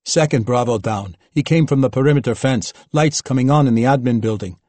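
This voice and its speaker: A man reading the part of a brisk male field operative giving clipped radio reports. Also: medium pitch, dark tone, no echo, natural voice.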